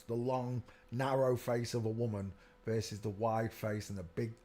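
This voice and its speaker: A man's voice: on the low side, dark tone. Rambling man hosting a live stream. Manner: rambling, keeps saying "look" while pointing at pictures. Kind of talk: casual live stream commentary.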